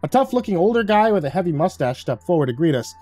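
A man narrating a horror story in a dramatic, expressive way. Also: high-pitched, fast talker, soft background music.

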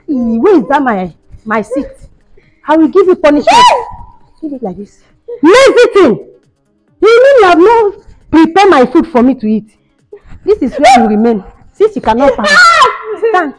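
Woman playing a shrill bullying mother-in-law. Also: sing-song, moderate pace, pauses often. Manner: shrieking, taunting, mocking laughter. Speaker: actor in a skit. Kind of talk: home-made skit acting. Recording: dull sound with faint music behind.

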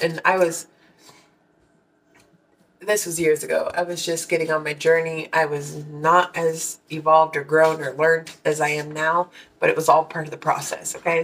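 A woman's voice: low voice, steady tone, normal speed, fairly bright tone, distant mic, poor audio. A woman tarot reader telling a personal story to her viewers in a candid, casual way, swearing freely and acting out her own reactions.

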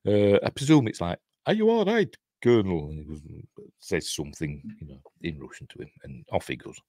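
A man's voice: very deep voice, very animated, fairly quick, warm tone, husky, no echo, studio quality. A middle-aged man with a Yorkshire accent giving a rambling, casual commentary while watching a film, full of ums and small chuckles. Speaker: channel host, film commentator.

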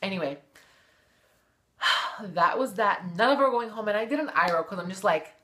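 A woman's voice: medium pitch, normal speed, long pauses, bright, forceful tone. A woman vlogger giving a sassy, gossipy, profane recap of a TV show in casual chat.

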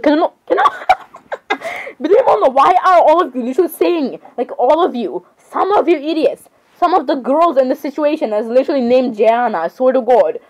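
Teen girl gamer, high and excitable, rambling dramatic commentary. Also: brisk, dull audio. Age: teens. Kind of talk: casual gameplay chatter.

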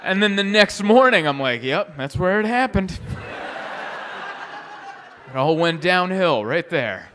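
A young adult man doing a stand-up comedy set, telling stories in an animated way, voicing the people he quotes with big jumps in pitch and laughing at his own jokes. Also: measured pace, long pauses, a little hiss or hum.

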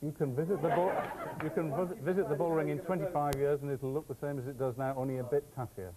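A man speaking confidently and briskly as a panelist in a studio debate. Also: a little high, steady tone, a loud crowd, poor audio.

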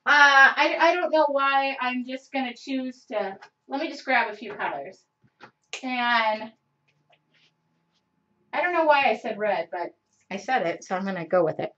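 A woman's voice: high voice, measured pace, pauses often, sharp tone. A woman in her forties hosting a live craft show, chatting casually and rambling with many fillers. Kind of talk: casual live-stream chat. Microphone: computer mic on a live stream. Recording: dull lo-fi live-stream audio.

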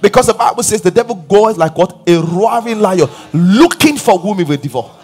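A middle-aged man preaching a fiery sermon, shouting commands and muttering mocking quotes in a raspy voice. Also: lively intonation, moderate pace. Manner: shouting, acts out mocking quotes in low mumbles. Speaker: pastor. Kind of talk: energetic sermon.

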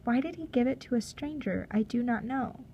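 Woman reading a story aloud, slightly high. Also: creaky, a little hiss or hum. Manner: measured, steady reading. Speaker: audiobook reader. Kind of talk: storybook narration.

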